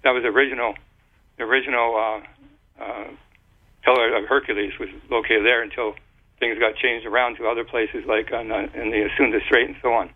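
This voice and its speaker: A man of average pitch talks on and on in a loose, explanatory way, tripping over words and circling back to restart them. His voice comes through a narrow, tinny phone line. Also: flat delivery. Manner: rambling, halting with many restarts and fillers. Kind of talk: casual explanatory talk.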